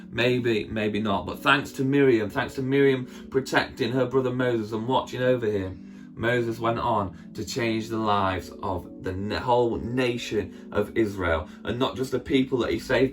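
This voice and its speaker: A man retelling a Bible story for children in a chatty, playful way, often asking his listeners questions. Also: medium pitch. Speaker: children's church leader.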